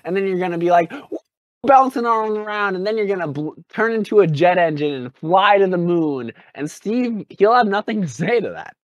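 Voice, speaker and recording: A man's voice: high voice, expressive, moderate pace, dry recording, lo-fi sound. A man co-hosting a comedy podcast, talking in an exaggerated way and spinning absurd jokes. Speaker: podcast co-host. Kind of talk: goofy comedic podcast banter.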